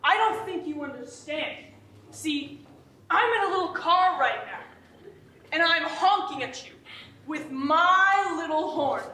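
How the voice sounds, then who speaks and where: A woman's voice: very high voice, expressive, slow pace, bright, forceful tone, exaggerated voice. A woman playing a swaggering man hosting a holiday party in a stage comedy sketch, trading cocky, threatening banter. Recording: echoey stage room from a distance.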